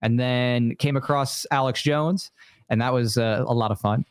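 A man's voice: medium pitch, fairly even intonation, normal speed, clean tone, dry recording. A man as a podcast guest, explaining his views in an earnest, hesitant way with some fillers. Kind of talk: casual interview chat.

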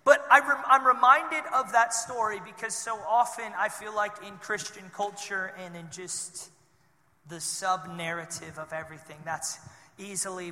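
Male pastor, conversational sermon with animated bursts, high, sharp voice, reverberant church hall. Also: moderate pace. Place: church sanctuary.

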